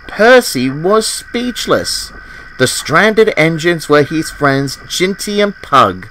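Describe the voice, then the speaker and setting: A man giving scripted storybook narration in an animated, expressive way. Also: on the high side, slow, slight background noise. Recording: festive music with jingle bells behind.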